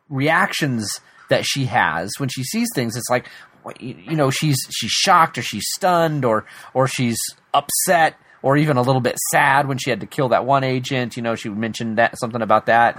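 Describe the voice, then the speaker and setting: A man's voice: mid-range voice, moderate pace, fairly bright tone. A man co-hosting a casual TV episode recap, laughing often and restarting his sentences. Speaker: podcast co-host.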